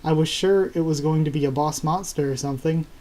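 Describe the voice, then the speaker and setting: Man, manga reaction read-through, laughing, excited asides, mellow. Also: fairly high pitch, brisk. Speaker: manga reviewer. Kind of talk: live reading and reaction.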